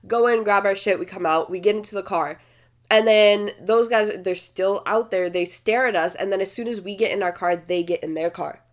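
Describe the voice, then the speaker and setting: A woman's voice: medium pitch, moderate pace. Twenties woman on a podcast, telling a story all fired up, swears a lot, cuts in on her sister. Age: 20s. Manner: heated, swears often, talks over her sister. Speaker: podcast co-host. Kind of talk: casual storytelling chat.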